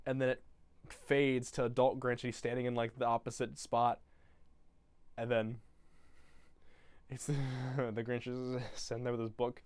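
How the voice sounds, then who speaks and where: A man's voice: medium pitch, level tone, measured pace, pauses often, smooth, dry recording. A young man rambling through a comedic movie recap in a loose, crude, casual way. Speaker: YouTuber.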